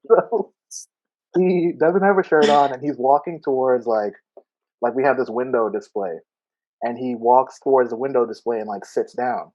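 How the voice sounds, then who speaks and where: A man's voice: mid-range voice, moderate pace. Laughing man telling a story, lo-fi. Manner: animated, laughing storyteller acting out quotes. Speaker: podcast co-host. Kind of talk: casual storytelling chat.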